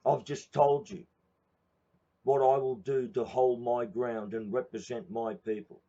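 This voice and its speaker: A man's voice: medium pitch, level tone, measured pace, warm tone, highs cut off. Blunt swearing Australian man ranting. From Queensland, Australia. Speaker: protest movement speaker. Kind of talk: profane ranting address to viewers.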